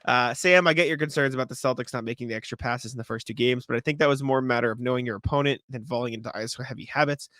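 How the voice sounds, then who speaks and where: Fast-talking bright-voiced young man. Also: mid-range voice, no echo, studio quality. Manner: quick, chatty, laughs often between remarks. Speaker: podcast co-host. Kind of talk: casual sports podcast chat, reading listener mail aloud.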